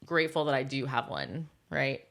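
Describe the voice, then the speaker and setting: A woman's voice: a bass voice, expressive, moderate pace, fairly bright tone. A woman with an American accent co-hosting a podcast, chatting casually, laughing often and joking at her own expense. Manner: laughs often, self-deprecating banter. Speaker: podcast co-host and stand-up comedian. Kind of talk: casual chat.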